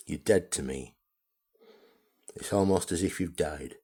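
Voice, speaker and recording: A man's voice: deep voice, a little slow, pauses often, warm tone, slightly rough. A man, an amateur radio vlogger, delivering a blunt, heavily profane, repetitive rant to camera. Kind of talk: ranting video monologue.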